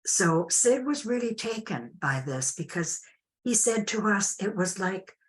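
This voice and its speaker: An older woman telling a personal story as an interview guest, unhurried and reflective with frequent restarts. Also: medium pitch, lively intonation.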